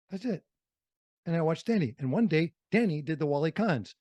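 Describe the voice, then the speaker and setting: A man from Wisconsin telling stories as a radio guest in a studio, lively and slipping into other voices for quotes. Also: on the high side, normal speed, no echo. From Fond du Lac, Wisconsin. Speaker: radio host and interview guest. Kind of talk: storytelling interview.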